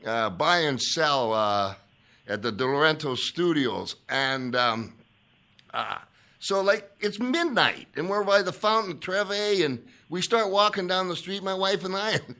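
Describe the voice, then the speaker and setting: A man hosting a podcast, telling stories in a rambling, animated way and often pausing to search for names. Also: a little high. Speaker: podcast host. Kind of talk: casual storytelling chat.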